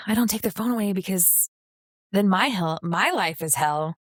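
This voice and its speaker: A woman's voice: mid-range voice, a little slow, fairly bright tone, dry recording, clean studio sound. A woman co-hosting a podcast, talking in a rambling, casual way. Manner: rambling, many fillers and restarts. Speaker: podcast co-host. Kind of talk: casual chat.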